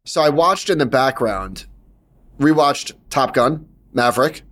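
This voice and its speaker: A middle-aged man co-hosting a casual podcast chat, animated and quick to protest. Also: mid-range voice. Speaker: podcast co-host.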